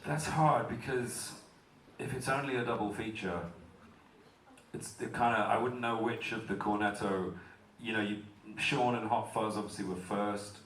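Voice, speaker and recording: A man's voice: fairly low pitch, steady tone, moderate pace, a bit bright. A man with a British accent answering questions on a convention panel, telling stories in a chatty way, swearing casually and joking at his own expense. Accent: British English. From Britain. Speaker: panel guest. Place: large convention hall. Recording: echoey hall from far off with noise.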